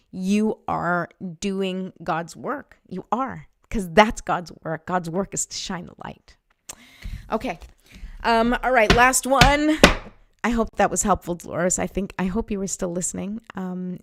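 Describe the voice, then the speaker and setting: A woman's voice: mid-range voice, dry recording, studio quality. Earnest woman in her forties reading oracle cards. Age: 40s. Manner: earnest, spiritual, many fillers. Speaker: oracle card reader. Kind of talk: live-stream card reading.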